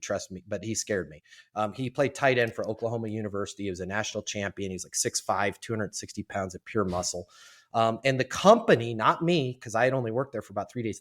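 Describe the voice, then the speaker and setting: A man telling a story as a podcast guest, in a lively, animated way and acting out what people said. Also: on the low side. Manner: animated, lively storyteller who acts out quotes. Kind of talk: storytelling in a casual interview.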